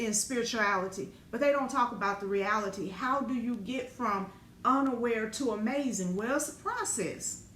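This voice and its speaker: A middle-aged woman, a spiritual teacher, telling a raw personal story in an animated, profane, dramatic way. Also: a little high. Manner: animated, profane, dramatic retelling with colloquial speech. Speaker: spiritual teacher and business owner. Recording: echoey room with faint ambient noise.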